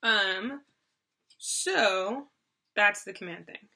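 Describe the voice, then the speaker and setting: A woman's voice: mid-range voice, very slow, gravelly, bright, forceful tone. A woman co-hosting a board game video, casually explaining the rules with lots of fillers and restarts. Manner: chatty, loose with fillers and restarts.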